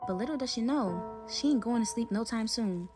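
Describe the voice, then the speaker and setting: A woman's voice: on the high side, expressive, music in the background. Chatty young woman telling a spooky story. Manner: chatty, slangy, dramatic pauses. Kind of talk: casual storytime retelling.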